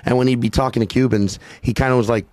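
A man's voice: medium pitch, steady tone, fast talker, a little mellow, no room sound. Man from Louisiana hosting a podcast, profane. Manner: loose, profane, joking. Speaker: podcast host. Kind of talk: casual podcast chat.

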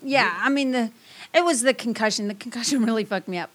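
A woman's voice: on the high side, fast talker. A middle-aged woman telling stories in a casual chat, emotional and swearing freely.

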